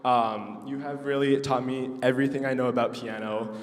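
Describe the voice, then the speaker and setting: A man's voice: mid-range voice, fairly even intonation, moderate pace. A young male student pianist giving an emotional thank-you speech at his recital, with many ums and nervous laughs. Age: young adult. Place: recital hall with audience. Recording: distant voice in a reverberant hall.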